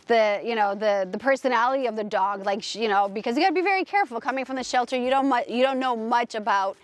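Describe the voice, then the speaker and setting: A woman's voice: on the high side, fast, dry recording. A woman host telling a personal story in a casual, rambling way, emphatic and gushing, with many restarts. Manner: rambling, full of restarts and fillers.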